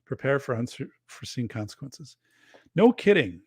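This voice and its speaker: A man's voice: medium pitch, big pitch swings, normal speed, husky, dry recording, studio quality. A man hosting a casual livestream, chatting loosely and reading viewer comments aloud. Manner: rambling, chatty, reads chat aloud. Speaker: show host.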